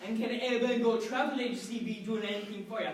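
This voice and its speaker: A woman's voice: on the high side, fairly even intonation, fast, natural voice. A woman putting on a gushing, sing-song mock Irish accent as a chirpy travel agent. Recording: echoey room, mic far off, noisy.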